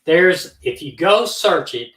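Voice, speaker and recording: A man's voice: fairly high pitch, slow, recorded from a distance. A man telling a casual story, acting out both sides of a phone call. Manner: animated, acts out both sides of phone calls. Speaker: co-host of a true-crime live stream. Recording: roomy, from off the mic.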